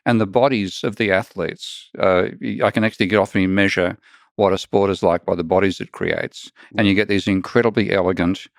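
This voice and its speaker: Australian male guest, blunt joking storyteller, lowish voice, dry close sound. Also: fairly even intonation, brisk, creaky, no echo. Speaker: guest economist. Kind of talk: casual conversation.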